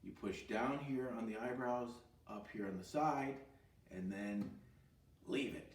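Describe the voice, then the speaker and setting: Animated man teaching, echoey room. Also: medium pitch, measured pace, far from the mic, over loud music. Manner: animated, asks questions and answers them himself, breaks into short sung lines. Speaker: music therapy teacher. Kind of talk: recorded e-learning lesson for children.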